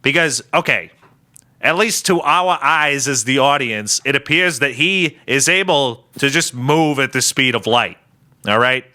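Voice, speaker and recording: Speaking at a measured pace in a medium pitch, this podcast co-host keeps the conversation relaxed and lively. He ridicules scenes by performing the characters in them.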